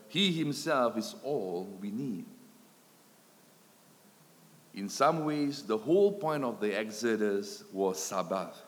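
A man delivers a sermon at a slow, deliberate pace, building phrases with repetition and letting his voice swell, then fall away to near quiet. His voice rings out with a long hall reverb around it, as in a church. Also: medium pitch. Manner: dramatic swells and drops in loudness, emphatic repetition. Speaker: preacher.

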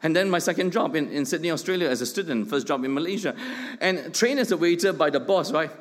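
A man's voice: on the high side, lively intonation, fast. A middle-aged man, preaching a sermon with emphatic points, rhetorical questions and joking asides. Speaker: pastor. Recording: long hall reverb.

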